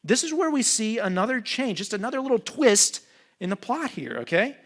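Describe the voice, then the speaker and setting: A man preaching a sermon as pastor, talking in a casual, animated way and joking with the congregation. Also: very high-pitched, moderate pace. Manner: conversational, animated, jokes with the congregation.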